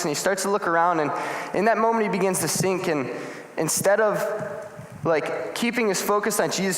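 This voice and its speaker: A young man in his twenties preaching a casual youth sermon, acting out the scenes as he tells them. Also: sits high. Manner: animated storytelling, acts out scenes. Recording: echoey hall.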